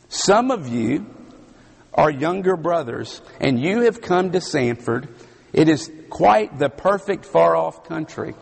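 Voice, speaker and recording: A man preaching a sermon in a large hall, his voice slightly strained, speaking slowly and emphatically with dramatic pauses and a Southern US accent. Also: fairly high pitch, gravelly, husky. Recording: long hall reverb.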